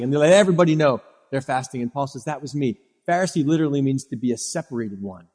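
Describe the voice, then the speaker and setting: A man's voice: on the high side, brisk, husky. Man preaching in a reverberant hall. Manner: animated preaching, acts out quoted voices. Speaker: pastor. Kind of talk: sermon.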